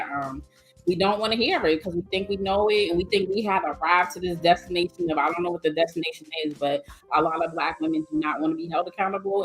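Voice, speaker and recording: A woman, speaking bluntly and animatedly as a guest in a casual podcast discussion, acting out the voices she quotes. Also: fairly low pitch. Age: 40s. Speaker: guest speaker on mental wellness.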